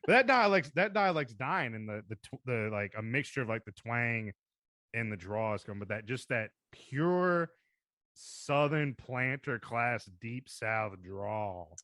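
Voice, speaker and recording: A man's voice: mid-range voice, expressive, a little slow, sharp tone, no room sound, studio quality. A man from the American South co-hosting a podcast in casual chat, joking, swearing and often breaking into laughter. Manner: jokey, swears, breaks into laughter and mock drawls. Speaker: podcast co-host.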